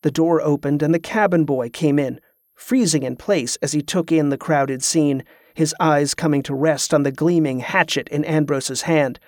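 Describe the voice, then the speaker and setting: A man's voice: a little high, normal speed, a little mellow, dry recording. Man narrating an audiobook in a dry voice.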